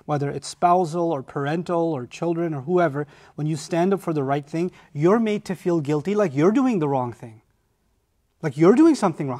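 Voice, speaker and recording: A middle-aged man giving a lecture on scripture, animated, often acting out the voices of the people in the story. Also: on the high side. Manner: animated, acts out quoted voices. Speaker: Quran teacher.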